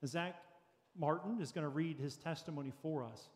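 Earnest pastor in a reverberant church. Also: male voice, on the high side, moderate pace. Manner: earnest, practical, lightly joking with congregation. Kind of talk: sermon. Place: church sanctuary.

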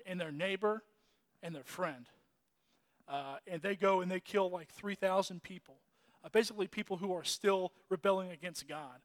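High-voiced man preaching casually. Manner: conversational, restarts and fillers, chuckles. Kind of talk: casual sermon.

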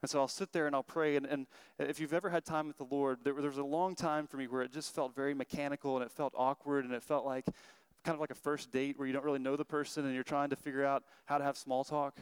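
A man in his thirties preaches in a quick, earnest, conversational way. His voice sounds smooth and clear, and it is recorded close and dry with no room sound. He keeps stumbling into restarts as he tells his stories. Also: medium pitch, little pitch movement, no room sound. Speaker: pastor. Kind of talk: sermon.

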